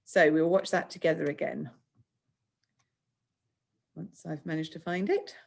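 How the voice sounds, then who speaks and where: Patient English primary teacher, low voice. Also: female voice, fairly even intonation, measured pace. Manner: clear, patient, encouraging, acts out example speech lines. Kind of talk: recorded remote lesson for children.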